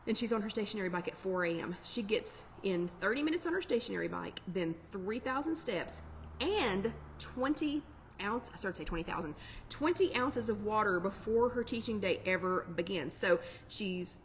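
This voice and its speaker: A woman's voice: mid-range voice, slight background noise. A middle-aged woman, hosting a casual live online chat in a chatty, upbeat way with plenty of fillers. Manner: chatty, upbeat, warm Southern-flavored asides with lots of fillers. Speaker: online weight-loss chat host.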